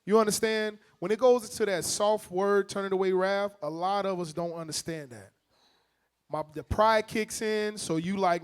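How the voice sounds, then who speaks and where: A man teaching a congregation from the Bible in a casual, slangy, animated way with call-and-response. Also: high voice, moderate pace.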